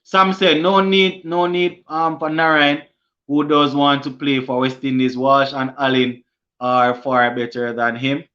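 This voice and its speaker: A man's voice: medium pitch, steady tone, measured pace, pushed and bright. A young man with a Jamaican accent hosting a cricket live stream, reading viewer comments aloud and answering them in a casual way. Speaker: sports channel host. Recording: lo-fi stream audio.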